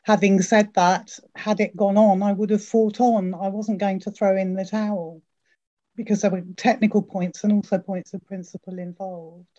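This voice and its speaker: A woman's voice: mid-range voice, little pitch movement, normal speed, dark tone. A woman being interviewed as a podcast guest, answering modestly and carefully with some hesitation. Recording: dull lo-fi sound.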